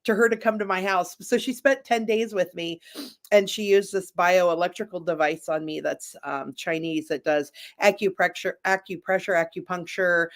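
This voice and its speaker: A man's voice: high voice, steady tone, normal speed. A man speaking as a guest in a candid, casual chat, rambling with frequent restarts.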